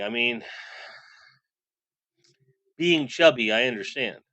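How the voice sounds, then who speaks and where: A man's voice: mid-range voice, measured pace, a bit bright, no echo. A man in his forties chatting casually on a live stream, reading chat messages aloud and rambling. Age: 40s.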